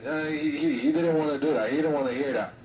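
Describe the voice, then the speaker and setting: A man's voice: on the high side, quick pace, highs cut off, crowd noise. A man trash-talking over CB radio in a coarse, mocking way. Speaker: CB radio operator. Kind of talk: profane CB radio banter.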